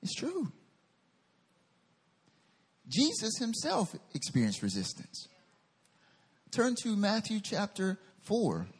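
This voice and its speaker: Husky Southern preacher man. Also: sits high, slow pace, pauses often. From North Carolina. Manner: lively, addresses the congregation directly. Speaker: pastor. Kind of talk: sermon.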